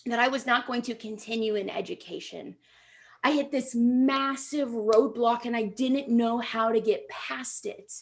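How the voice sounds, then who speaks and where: A woman in her thirties giving a motivational talk to educators, telling stories with lively acted-out dialogue. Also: fairly high pitch. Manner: animated storytelling, acting out quoted dialogue. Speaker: keynote speaker.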